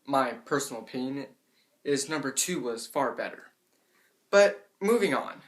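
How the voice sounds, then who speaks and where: Young man explaining in a monotone. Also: mid-range voice, unhurried. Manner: admits to a monotone delivery, casual with fillers like "I mean". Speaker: vlogger giving tips. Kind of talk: casual educational vlog.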